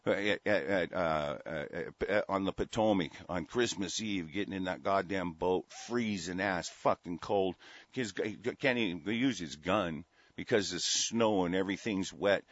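A man hosting a talk show, delivering an angry, profane political rant in a heated, forceful way. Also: sits low, moderate pace, dry recording. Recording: dull, dry lo-fi sound.

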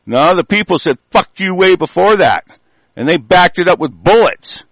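A man from the United States delivering an angry, profane political rant, swinging from loud outbursts to low muttering. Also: animated, moderate pace, dry recording, low-quality recording.

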